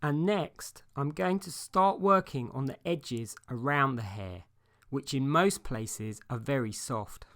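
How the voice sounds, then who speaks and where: A man giving a calm, measured voice-over for a painting tutorial, explaining each step as he works. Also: mid-range voice. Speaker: painting instructor.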